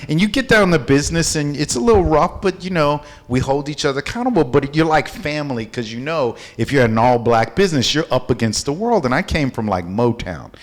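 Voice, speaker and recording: A man from Houston, a company founder, tells a story in an interview. He is animated and acts out the people he describes. His delivery has the easy rhythm of a practiced storyteller. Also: medium pitch, moderate pace. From Houston, Texas.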